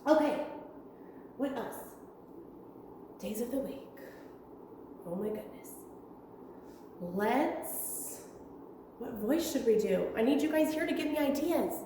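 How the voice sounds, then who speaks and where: A young woman teaching a virtual preschool lesson in a room with windows, talking slowly in a sing-song way to small children. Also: sits high, lively intonation, warm tone, far from the mic, slight background noise. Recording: echoey room with long reverb.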